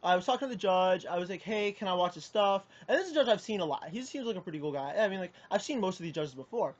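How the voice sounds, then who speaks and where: A man's voice: high-pitched, animated, racing. A young man telling a personal account to camera in a rambling, indignant way, often restarting his sentences. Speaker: card game player. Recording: muffled lo-fi audio.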